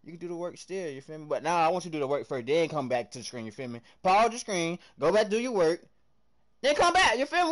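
Hyped young Southern streamer, high voice. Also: male voice, big pitch swings, fast talker. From American South. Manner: hyped slangy chatter, swings loud and soft. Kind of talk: live game stream chat.

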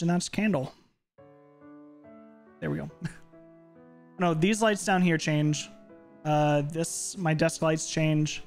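Chatty male streamer, slightly high voice. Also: normal speed, creaky, long pauses, a little mellow, soft background music. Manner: chatty, rambling, playful asides. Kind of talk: casual gaming stream chat. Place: home office.

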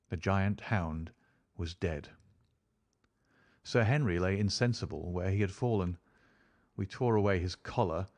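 A man reading an audiobook aloud in a steady, dramatic storytelling manner. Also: deep voice. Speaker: audiobook narrator. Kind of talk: scripted narration.

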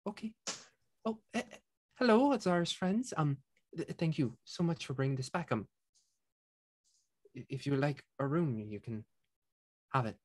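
A man's voice: a little high, animated, moderate pace, pauses often, voice pushed up. A man voicing a kindly, fussing female innkeeper with an Irish accent, calling people love and dear. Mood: grateful. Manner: doting, hushed, calls people love and dear. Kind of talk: tabletop role-play voicing.

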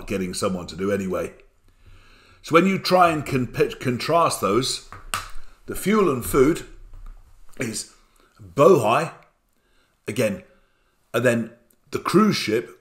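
Older male tutor, lowish voice, chatty lecture delivery with tag questions. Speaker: accountancy exam tutor. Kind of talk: recorded revision lecture.

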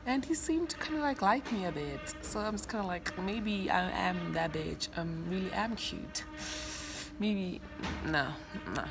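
A woman's voice: medium pitch, animated, unhurried, vocal fry, over music. A young South African woman, a student, chatting candidly into her phone camera, confiding and shifting between giddy and tearful. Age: young adult. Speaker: vlogger, student. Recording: phone vlog with background noise.

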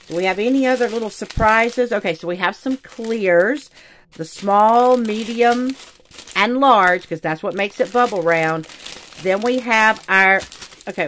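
A woman chatting excitedly to viewers while unboxing craft kits, calling them y'all. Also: medium pitch. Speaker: craft channel host. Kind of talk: casual unboxing chat. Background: crinkling bags.

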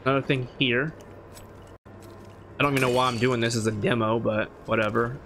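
A man narrating his own horror game run, muttering plans and then shouting in panic when chased. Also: mid-range voice, steady tone, a little fast, a little hiss or hum. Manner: swings from mumbled planning to panicked yelling. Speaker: gaming YouTuber. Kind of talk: let's play commentary.

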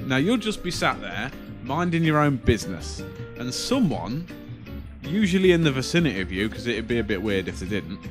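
A man's voice: mid-range voice, sing-song, normal speed, over music. A man co-hosting a comedy podcast, ranting and swearing as he acts out other people. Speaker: podcast co-host. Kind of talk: casual comedy banter.

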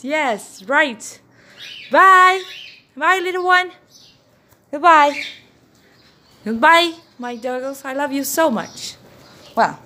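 A woman's voice: high-pitched, pushed and bright, slight background noise. A young woman with a Brazilian accent, a native Portuguese speaker, vlogging casually and coaxing her pets with affectionate baby talk.

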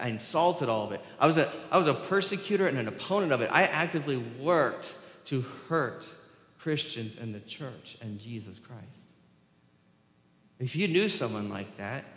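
Conversational pastor preaching in a reverberant hall. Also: male voice, medium pitch, a bit bright. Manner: conversational, asks the congregation questions, laughs often. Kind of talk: sermon. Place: church sanctuary.

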